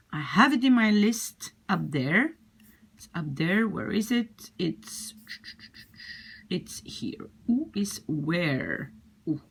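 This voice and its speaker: A woman with a Dutch accent teaching a language lesson, patiently repeating phrases slowly. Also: mid-range voice, slightly rough.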